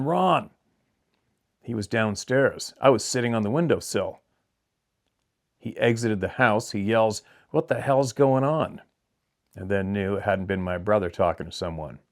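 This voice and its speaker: A man hosting a channel, reading a viewer's letter aloud in a plain, steady storytelling way with brief asides of his own. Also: lowish voice. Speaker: channel host.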